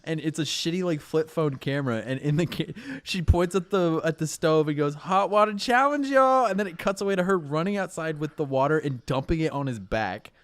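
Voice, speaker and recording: A man's voice: a little high, a little fast, hardly any pauses, no echo. A young man co-hosting a podcast, laid-back in casual chat, laughing and swearing. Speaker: podcast co-host.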